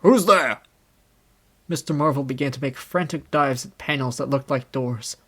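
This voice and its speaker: Young male audiobook narrator, steady measured reading, mid-pitched voice. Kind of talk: scripted narration.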